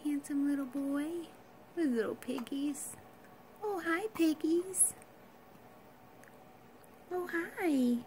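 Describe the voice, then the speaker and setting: A mother cooing soft, tender baby talk to her infant, often half-whispered, at home. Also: high-pitched, takes it slowly, pauses often, slight background noise.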